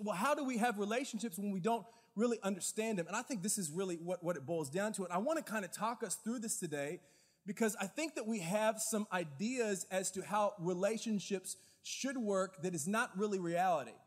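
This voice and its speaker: A man preaching a sermon as pastor, with animated, lively storytelling in quick bursts. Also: high voice, in a large hall. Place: church hall.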